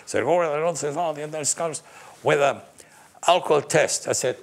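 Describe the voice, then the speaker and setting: A man's voice: fairly high pitch, moderate pace, gravelly. A middle-aged man, a team manager, telling stories in a casual panel chat, acting out the people he quotes and laughing often.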